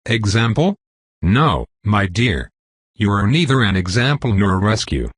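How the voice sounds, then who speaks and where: A man reading the lines of a composed female vampire commander with a smooth voice and a faint Southern accent, calm and condescending. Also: fairly low pitch, a little slow, dry recording, clean studio sound, heavily acted. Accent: faint American Southern.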